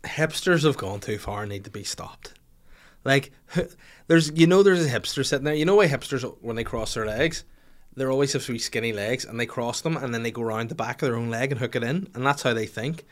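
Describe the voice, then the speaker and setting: Animated man telling stories. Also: mid-range voice, brisk. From Northern Ireland. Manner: animated, profane, acts out voices in anecdotes. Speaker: podcast host. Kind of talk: comic storytelling chat.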